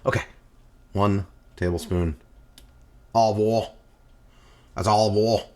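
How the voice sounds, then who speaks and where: A man in his forties cooking in his home kitchen, joking to himself and breaking into playful sing-song shouts. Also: on the low side, steady tone, takes it slowly. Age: 40s. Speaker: cooking vlogger. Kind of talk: goofy home cooking vlog. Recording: faint kitchen noise, sizzling pan.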